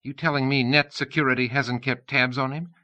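A man's voice: mid-range voice, steady tone, brisk, pushed and bright, lo-fi sound, voice pushed up, lightly acted. A man voicing a restless young woman with a blunt, dry, teasing manner. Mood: curt.

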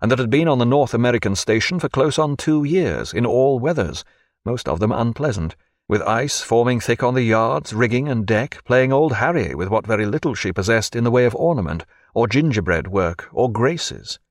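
Expressive male audiobook narrator. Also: mid-range voice, normal speed, dry recording, clean studio sound. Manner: expressive storytelling reading. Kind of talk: scripted narration.

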